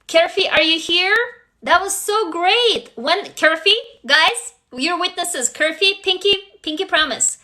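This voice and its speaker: A woman's voice: very high voice, measured pace, pushed and bright. A woman hosting a casual livestream, talking straight to her viewers, coaching them through writing prompts and gushing over each new arrival. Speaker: livestream host.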